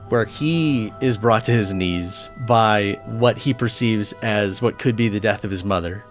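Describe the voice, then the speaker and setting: A man co-hosting a podcast, analyzing a film in long, enthusiastic, detailed points. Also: on the low side. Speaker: podcast co-host.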